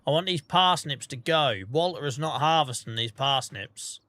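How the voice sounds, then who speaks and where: A man's voice: on the high side, animated, normal speed, pushed and bright, dry recording. Chatty Norfolk-accented man streaming a game. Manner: chatty, laid-back, talking to chat while playing. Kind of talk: casual gaming stream chat.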